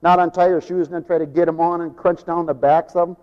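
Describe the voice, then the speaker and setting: An older man preaching a sermon as pastor, telling folksy stories, acting out voices and rising to shouts. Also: on the high side, level tone, fast. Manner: folksy storytelling, acts out voices, rises to shouting. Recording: dull lo-fi sound with long hall reverb.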